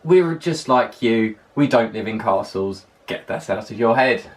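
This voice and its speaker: Speaking a little way off the microphone, a young man with a polished London accent talks through a relaxed countdown on his vlog. His voice is fairly low and expressive, his pace measured, and he stays chatty and emphatic, doubling words up to stress them.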